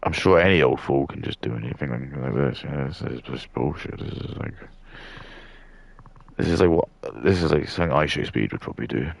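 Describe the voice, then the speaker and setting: A man in his thirties with an extremely deep voice and a gravelly edge, chatting and ranting loosely as he builds models. He rambles and swears freely. The sound is dry and close. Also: a little fast, no room sound. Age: 30s. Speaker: streamer. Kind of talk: casual rambling chat while building models.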